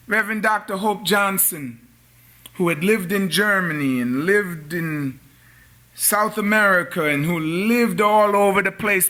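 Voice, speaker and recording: A man's voice: high-pitched, bright, forceful tone. An older man preaching a sermon as a minister, telling stories and calling out questions to his congregation in a church sanctuary. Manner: storytelling preacher, calls out to the congregation.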